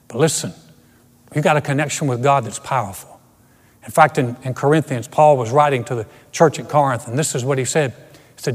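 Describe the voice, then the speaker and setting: Earnest pastor preaching in a reverberant hall. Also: male voice, fairly high pitch. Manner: earnest, emphatic preaching with repeated restarts. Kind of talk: sermon. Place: empty church auditorium.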